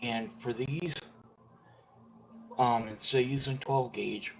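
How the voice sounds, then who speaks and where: A man giving a casual step-by-step wire jewelry tutorial from his worktable, explaining plainly with pauses. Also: medium pitch, fairly even intonation, gravelly. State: talking with his mouth full. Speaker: jewelry maker demonstrating. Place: indoors at a worktable. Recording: dull lo-fi sound with faint room noise.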